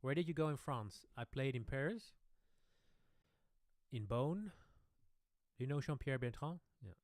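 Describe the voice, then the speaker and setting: A man, a pianist casually answering questions on his own live stream Q&A, relaxed and rambling. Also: medium pitch, unhurried, no room sound, clean studio sound. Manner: relaxed, rambling, chuckling asides. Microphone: studio microphone.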